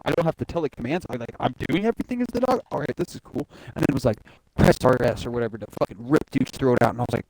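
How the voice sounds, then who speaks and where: A young man hosting a casual podcast, talking excitedly and swearing often, acting out game scenes in quick voices. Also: mid-range voice, a little hiss or hum. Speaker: podcast host. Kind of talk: casual chat.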